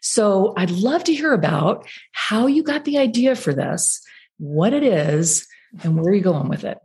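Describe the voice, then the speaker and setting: A woman's voice: mid-range voice, lively intonation, unhurried, a little mellow. Bubbly woman podcast host. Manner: bubbly, laughs often, rambling asides. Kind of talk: chatty podcast interview.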